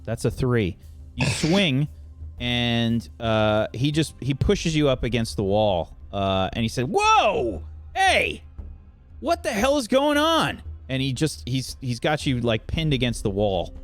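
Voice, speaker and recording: A man's voice: medium pitch, a little slow. A man running a tabletop role-playing game as game master, narrating loosely with many fillers. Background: faint background music.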